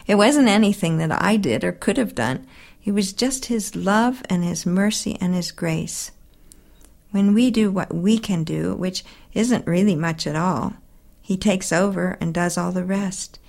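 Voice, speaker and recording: A woman speaks in an earnest, heartfelt tone, reading a devotional prayer and then reflecting on it. Her voice sits a little low and carries a gravelly, fried texture. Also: a little mellow.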